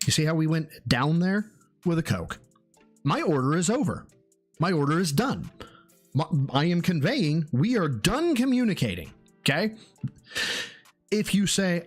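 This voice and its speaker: A man's voice: a little high, sing-song, normal speed. A man holds forth on his live stream in a casual, profane rant. His voice leaps up and down as he mocks and lectures, all sarcasm and swagger. Faint music sits underneath him. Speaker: streamer reacting to a food review.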